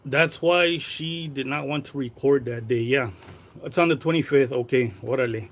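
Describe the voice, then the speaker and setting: Male streamer, mid-pitched voice, crude gossip, rambling, slips into Spanish slang. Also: normal speed, poor audio. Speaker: live-stream host. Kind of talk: casual gossip livestream.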